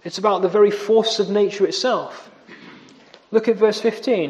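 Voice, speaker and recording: Male preacher, high-pitched, emphatic sermon delivery, long church reverb. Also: moderate pace, a little mellow. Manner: earnest, emphatic, repeats key phrases.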